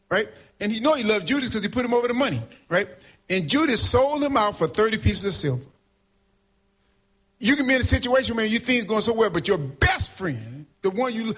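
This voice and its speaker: A man preaching a sermon, leading call and response and asking "right?" after nearly every point, swinging between loud and soft. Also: high-pitched, slightly rough. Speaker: pastor.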